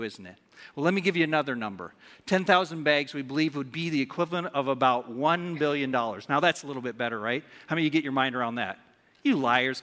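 A man delivers a sermon from the pulpit, teasing and questioning his listeners in a playful way. His voice sits a little high and rings bright and forceful. Long reverb trails behind every phrase, as in a big church hall. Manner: playful, asks the congregation questions. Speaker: pastor.

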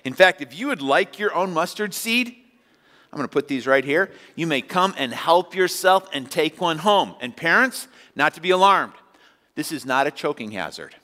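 Conversational preacher in a reverberant church. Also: male voice, a little high, lively intonation, normal speed, pushed and bright. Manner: conversational preaching with acted-out asides. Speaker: pastor. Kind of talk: sermon. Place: church sanctuary. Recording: long hall reverb.

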